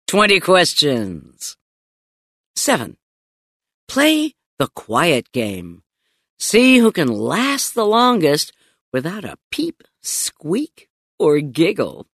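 A woman narrating a children's audiobook in a playful, expressive storytelling manner, close to a studio mic. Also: on the low side, extremely slow, slightly rough, dry recording.

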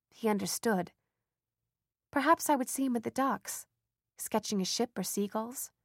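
A woman reading a first-person story aloud as an audiobook narrator, with lively, expressive emphasis. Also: medium pitch, vocal fry, no echo, clean studio sound.

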